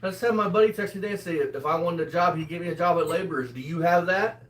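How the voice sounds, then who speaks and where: A man in his twenties with a slightly high voice talks fast while co-hosting a commentary show, mocking, swearing and bursting into laughter during casual banter. He's recorded far from the mic in an echoey room.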